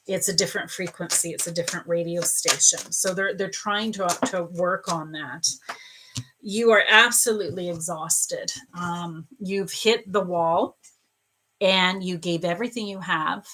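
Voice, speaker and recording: A woman's voice: lowish voice, background noise. A middle-aged woman psychic reading for viewers on a live stream, soothing and calling them dear and love. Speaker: psychic reader.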